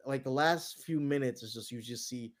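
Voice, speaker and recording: A man's voice: medium pitch, normal speed. Rambling, profane male storyteller. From New York. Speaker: guest. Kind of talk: casual storytelling.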